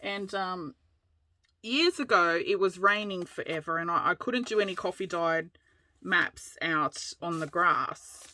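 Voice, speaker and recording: Chatty Australian woman crafter, bright forward voice, rambling and giggly, casual vlog talk. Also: fairly low pitch, unhurried. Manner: rambling storyteller, laughs a lot. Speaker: crafting channel host.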